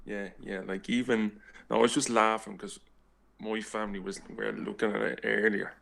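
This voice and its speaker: A man in his forties speaks with a Dublin accent and a low, gravelly voice. He is chatting casually on a live panel stream. He rambles and restarts his sentences often. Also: level tone, fairly bright tone. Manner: rambling, halting, with many restarts. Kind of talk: casual chat.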